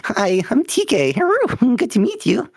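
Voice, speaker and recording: Man putting on a squeaky cute wolf pup. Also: wildly swooping pitch, normal speed, creaky, husky, dry recording, studio quality, heavily acted. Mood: cutesy playful. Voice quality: high squeaky. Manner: playful, bouncy, puppy-like yips. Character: cute squeaky young male wolf fursuit character.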